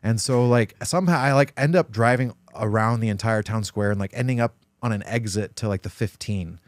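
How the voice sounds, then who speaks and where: A podcast host with a lowish voice tells stories in casual chat, speaking a little fast on a recording with no room sound. He's an animated storyteller who swears freely and acts out what people said.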